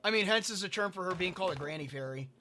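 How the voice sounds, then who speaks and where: Racing and animated, a man's high, pushed, bright voice comes through with a little hiss or hum. He livestreams a building game, casually answering chat and muttering as he places blocks.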